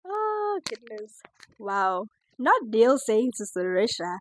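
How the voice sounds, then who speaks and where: A woman chatting her way through a reality TV review, animated and laughing often. Her voice sits at a middling pitch and is recorded close and dry, with no room sound. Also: a little slow, no room sound, poor audio. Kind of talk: casual reaction commentary.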